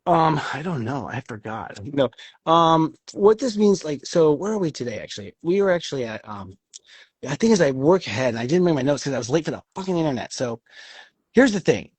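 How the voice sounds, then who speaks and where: A raised, husky man's voice that swings widely in pitch, chatting loosely and cursing often. The sound is dry and close. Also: brisk, no room sound. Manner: animated, swears freely, acts out quoted voices. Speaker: astrology show co-host. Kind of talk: casual chat.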